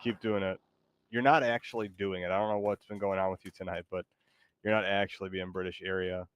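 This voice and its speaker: Rambling low-voiced man streamer. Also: level tone, a little fast, clean tone, no room sound, lo-fi sound. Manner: rambling, filler-heavy, playful. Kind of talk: casual gaming chat.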